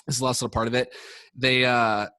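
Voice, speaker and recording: A man's voice: medium pitch, level tone, fast, pushed and bright, no room sound, clean studio sound. A man telling a long story in a casual podcast chat, rambling and swearing, full of fillers and restarts. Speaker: podcast speaker, sports coach.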